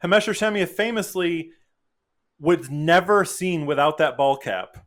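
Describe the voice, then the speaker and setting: A man's voice: a little high, a little slow. A man, a podcast guest, telling a story in casual chat and acting out the voices he quotes. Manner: animated, acts out quoted voices.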